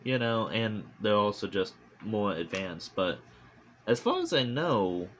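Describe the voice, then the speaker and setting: A man reviewing a movie in a casual vlog, rambling and animated, full of fillers and swearing, recorded on a phone. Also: lowish voice, unhurried, a little hiss or hum.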